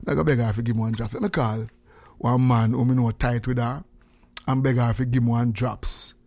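An older man from Jamaica with a Jamaican accent, hosting a morning radio show and chatting with callers in animated, laughing patois. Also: mid-range voice, brisk. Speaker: radio host. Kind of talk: casual radio chat with callers.

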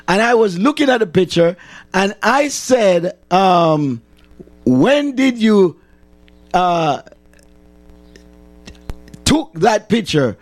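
A middle-aged Jamaican chaplain talking casually to a livestream audience, repeating himself for emphasis and slipping into patois. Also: male voice, high-pitched. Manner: repetitive, emphatic, slips into patois.

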